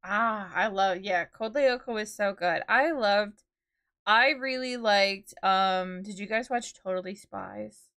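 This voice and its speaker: A young woman in her twenties chats casually on a live stream. Her voice sits at an everyday middle pitch, and her talk rambles with lots of "like" and "dude". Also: slow, a bit bright. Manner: chatty and rambling, full of "like" and "dude".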